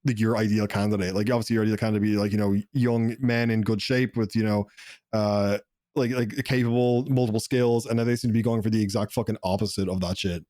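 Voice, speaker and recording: A man's voice: on the low side, steady tone, quick pace, dark tone, no room sound, studio quality. An Irish man chatting casually on a podcast, rambling and swearing a lot, often breaking into laughter. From Ireland. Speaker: podcast guest.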